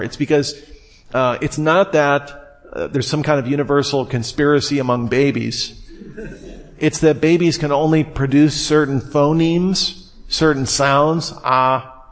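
A man teaching the Bible in a conversational sermon, with digressive asides and repeated words. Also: mid-range voice. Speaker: preacher.

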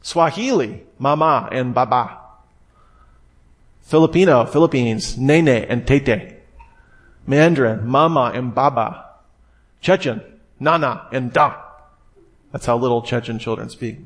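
A man's voice: medium pitch, a little slow, long pauses. A man teaching the Bible in a conversational sermon, with digressive asides and repeated words. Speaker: preacher.

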